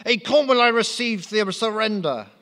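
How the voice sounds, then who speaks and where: A man doing a squeaky French emperor. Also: moderate pace, bright, forceful tone. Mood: petulant. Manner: mixes French words into his English. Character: squeaky pompous French emperor, male, petulant.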